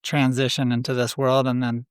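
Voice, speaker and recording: A man's voice: mid-range voice, completely flat delivery, normal speed, smooth, dry recording, studio quality. A man hosting a podcast in loose, joking casual chat, often trailing off mid-sentence. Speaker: podcast host.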